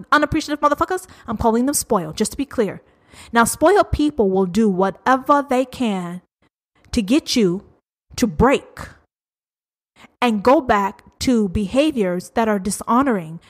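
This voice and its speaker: A woman with a fairly high voice rants on her own podcast. She is blunt and swears freely. She drags out key words and aims them straight at her listeners. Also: lively intonation. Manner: blunt, profane, emphatic and drawn-out. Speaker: podcast host. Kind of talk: uncensored solo podcast rant.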